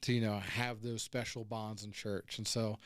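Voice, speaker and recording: A man who leads a church kids ministry, talking earnestly and relaxed in a casual chat. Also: fairly low pitch, moderate pace, dry recording.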